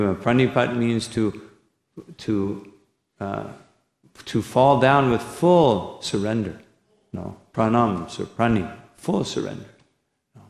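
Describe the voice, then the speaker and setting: Male monk lecturer, gravelly voice, reverberant hall, discursive, sprinkles in "no?" tags. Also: mid-range voice, a little mellow. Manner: discursive, frequent "no?" and "you know" tags, quotes Sanskrit verses. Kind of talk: scripture lecture. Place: temple hall. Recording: echoey hall recording.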